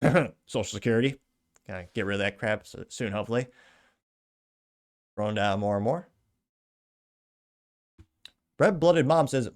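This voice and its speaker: A man's voice: lowish voice, a little fast. A man hosting a commentary show, reading viewer comments aloud and adding blunt, sarcastic asides. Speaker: host.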